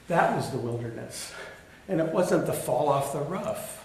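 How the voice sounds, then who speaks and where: A man's voice: medium pitch, expressive, moderate pace. A middle-aged man delivers a sermon in a church sanctuary, his voice bouncing around a very reverberant room with a faint hum of ambience. He speaks candidly about his own struggles, mixing in dry, self-deprecating humor. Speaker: pastor.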